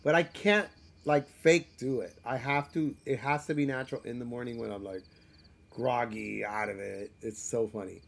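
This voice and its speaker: A man chats casually through a live game stream at an ordinary middle pitch. He rambles and runs himself down, stumbling over restarts and fillers as he talks. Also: fairly even intonation, moderate pace, vocal fry. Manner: chatty, rambling and self-deprecating; frequent restarts and filler words. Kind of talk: casual live gameplay commentary.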